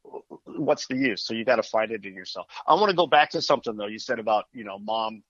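A man's voice: lowish voice, animated, fast, a bit bright, no room sound, highs cut off. A man talking as a guest in a casual conversation, earnest and reflective.

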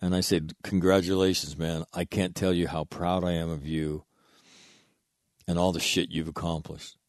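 A man with a very low voice tells a heartfelt story in casual, blunt words and swears freely. He speaks earnestly, as in a spoken monologue. The sound is dry and close, with no room echo. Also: level tone, moderate pace.

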